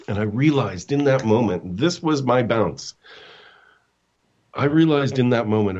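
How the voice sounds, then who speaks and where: Low-voiced man telling a personal story. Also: a little mellow, husky, highs cut off. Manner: halting, with restarts and acted-out quotes. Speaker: guest, coach. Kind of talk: storytelling in a casual interview.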